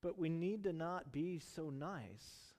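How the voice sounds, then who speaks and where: Pastor, middle-aged man, high voice, chatty animated sermon, church hall reverb. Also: slow. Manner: conversational, storytelling, animated.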